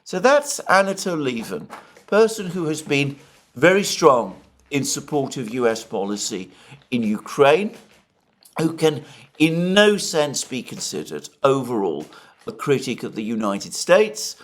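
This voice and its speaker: A middle-aged man giving a solo political commentary, speaking in long, measured sentences and quoting at length from an article. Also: mid-range voice, sing-song. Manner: measured, expansive delivery with frequent restarts.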